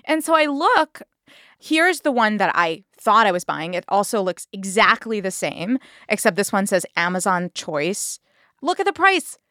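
A woman telling a story to podcast hosts in a casual, animated way, laughing as she goes and acting out what people said. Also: mid-range voice, unhurried, dry recording, clean studio sound. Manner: animated, laughs while telling, acts out quotes.

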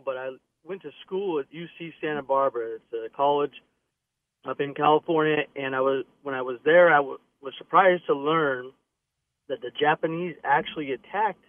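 A man's voice: fairly high pitch, no echo. A man calling in to a radio show, telling a story a little hesitantly. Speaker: caller. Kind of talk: radio call-in. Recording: tinny phone line, dry.

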